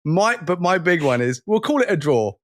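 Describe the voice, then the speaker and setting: His voice sits high with a sing-song lilt at an ordinary pace. He's a fortysomething podcast co-host in relaxed conversation, rambling self-deprecatingly and often starting his sentences over.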